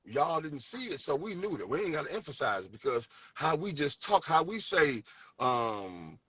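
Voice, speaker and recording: A man's voice: a little high, moderate pace, husky, no echo, distant mic. A man with a St. Louis accent, telling stories in a casual debate, acting out quotes with lots of restarts. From St. Louis, USA. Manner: animated storytelling, acts out quotes, many restarts. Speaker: debater recalling music history.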